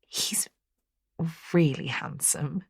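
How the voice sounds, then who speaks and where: A woman's voice: low-pitched, very slow, gravelly, breathy edge, no echo, clean studio sound, heavily acted. A woman doing a whispering smitten young Briton. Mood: hushed, smiling. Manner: whispering, secretive, amused.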